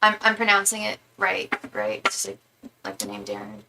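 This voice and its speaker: A woman's voice: extremely low pitch, very animated, fairly quick, distant mic, noisy background. A young woman reading tarot on a live stream, chatting casually and rambling, sometimes murmuring repeated invocations. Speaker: tarot reader.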